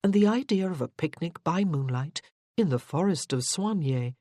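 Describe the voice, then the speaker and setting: A narrator reading a period romance novel in an even, measured way. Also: medium pitch, no echo, studio quality.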